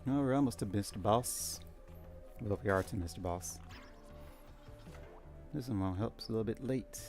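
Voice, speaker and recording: A man giving low-key game commentary, musing to himself as he plays. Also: normal speed, darkish tone, soft background music. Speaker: gamer.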